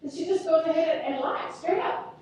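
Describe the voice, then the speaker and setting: A woman in her thirties giving a talk, telling stories in a candid, self-deprecating and animated way. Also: extremely high pitch, a little fast, a little hiss or hum. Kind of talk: storytelling talk. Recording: very echoey hall, mic far off.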